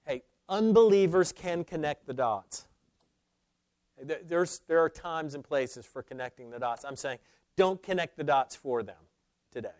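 A man preaching a sermon, swinging between loud, emphatic declarations and hushed, low asides. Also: lively intonation, a little slow, no room sound. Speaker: pastor.

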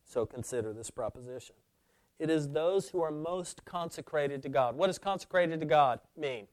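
Emphatic preacher, loud then hushed. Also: male voice, on the high side, lively intonation, moderate pace, dry recording. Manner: swings from loud emphatic declarations to hushed near-whispers. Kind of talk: sermon.

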